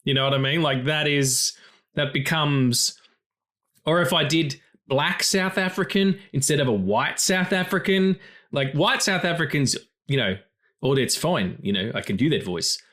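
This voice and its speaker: A man's voice: fairly high pitch, lively intonation, moderate pace, a bit bright. A man co-hosting a film podcast in casual chat, rambling and profane, jumping between tangents. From not from the co-host's country. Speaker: podcast co-host.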